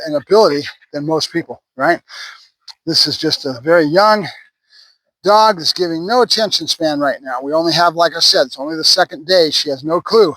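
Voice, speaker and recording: A man's voice: a little high, pushed and bright, no echo, low-quality recording. A man who works as a dog trainer explains puppy training in a casual way, often adding "right?" as he talks. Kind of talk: casual instructional talk while training a puppy.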